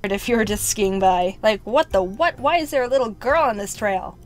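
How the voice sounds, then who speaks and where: A woman's voice: medium pitch, normal speed. A young woman telling a story in a wry, playful scripted narration with sarcastic asides. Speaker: animated storyteller.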